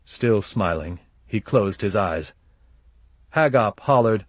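A man reading a first-person audiobook in a measured, grave manner. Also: on the low side, lively intonation, husky, no echo. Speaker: audiobook narrator.

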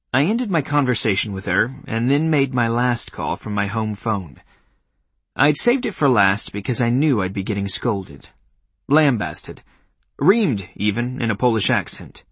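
A man narrating an audiobook in the first person, with wry, expressive storytelling. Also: medium pitch, a little slow, slightly rough, dry recording.

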